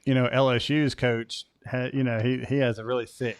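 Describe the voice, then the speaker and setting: A man's voice: mid-range voice, level tone, normal speed, clear, resonant tone. An American man hosting a motorcycle podcast, chatting casually and rambling with frequent restarts and fillers. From United States. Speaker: podcast host. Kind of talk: casual chat.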